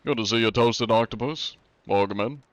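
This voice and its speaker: A man's voice: mid-range voice, moderate pace, smooth. A young man streaming a game live, rambling casually, swearing often and laughing at his own tongue slips.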